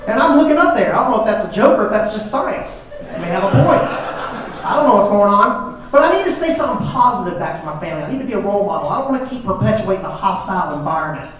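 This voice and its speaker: A man's voice: high voice, sing-song, fast, noisy background. Self-deprecating middle-aged man doing stand-up. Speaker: stand-up comedian. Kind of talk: stand-up comedy routine. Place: comedy club stage. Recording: echoey club from far off.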